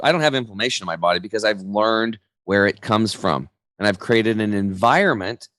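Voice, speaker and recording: Energetic low-voiced man telling stories. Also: no echo. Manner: energetic storyteller, slangy, acts out quotes. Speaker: podcast guest, health coach. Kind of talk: casual interview chat.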